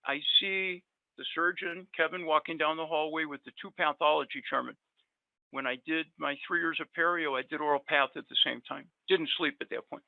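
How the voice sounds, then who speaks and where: A man's voice: a little high, fairly even intonation, fairly quick, gravelly, no room sound. A middle-aged man telling long, rambling personal stories in casual chat, with many fillers. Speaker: guest dentist. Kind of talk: casual storytelling. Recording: dry tinny phone-like line.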